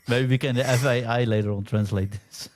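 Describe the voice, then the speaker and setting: A man whose first language is not English, a quiz contestant chatting and telling stories, laughing easily. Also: medium pitch. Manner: animated storyteller, laughs easily. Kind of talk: casual chat.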